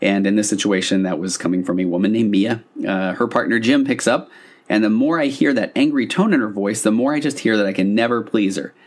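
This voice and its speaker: Low-voiced male therapist talking casually. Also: brisk, breathy edge. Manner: conversational, loose, with frequent fillers and restarts. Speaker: couples therapist. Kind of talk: explaining a therapy concept to listeners.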